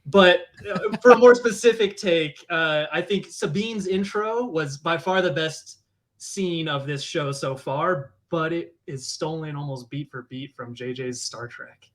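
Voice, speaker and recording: A man's voice: a little high, measured pace. A man appearing as a podcast guest in casual chat, speaking hesitantly with frequent restarts.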